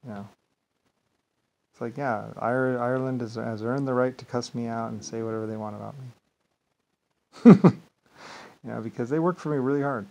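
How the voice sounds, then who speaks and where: Man with an average-pitched voice, rambling grandly to camera, volume rising and falling. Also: moderate pace, vocal fry, pauses often, rough recording. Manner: meandering, repeats "like I said", swings between loud and quiet; grandiose, self-assured. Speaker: vlogger. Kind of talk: rambling solo monologue.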